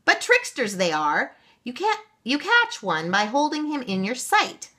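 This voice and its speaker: A brisk, wise old great-aunt, voiced by a woman reading a storybook. She speaks quickly and knowingly in a bright, lifted voice with lively swings. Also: high-pitched, voice pushed up, exaggerated voice.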